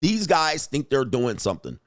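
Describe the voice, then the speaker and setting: A man hosting a casual commentary monologue, telling stories in heavy slang, laughing often and acting out pickup lines in a higher voice. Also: very animated, moderate pace, dry recording, studio quality. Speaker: show host.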